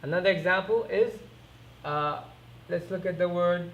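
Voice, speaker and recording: A man teaching an Arabic lesson, repeating each word slowly and asking quick rhetorical questions as he writes on a board. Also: high voice, fairly bright tone, lo-fi sound. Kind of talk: recorded classroom lesson.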